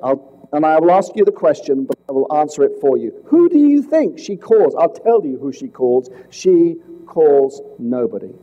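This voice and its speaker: A man investigating fraud, telling a case to police as a dramatic story with rhetorical questions, swinging between loud points and hushed asides. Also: on the high side, very animated, normal speed, dull audio. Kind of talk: storytelling presentation to an audience.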